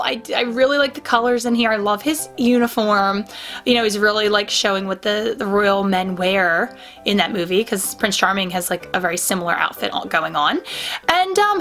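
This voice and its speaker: A woman's voice: fairly high pitch, a bit bright. Chatty young woman unboxing pins. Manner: chatty, rambling, many fillers and restarts. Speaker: vlogger. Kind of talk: casual unboxing chat.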